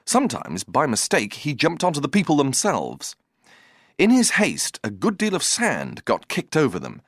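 A man narrating a comic story aloud, expressive and playful, with strong comic timing. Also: a little high, moderate pace, no echo, clean studio sound. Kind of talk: storybook reading.

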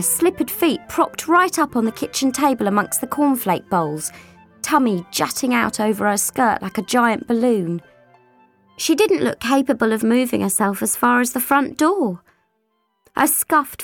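A woman narrating an audiobook, with expressive voices for each character. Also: a little high.

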